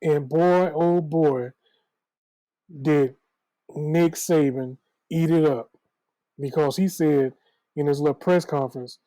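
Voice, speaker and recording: A man's voice: on the high side, takes it slowly, long pauses, warm tone, no room sound, poor audio. A man giving bold, trash-talking takes in a casual sports chat. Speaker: co-host.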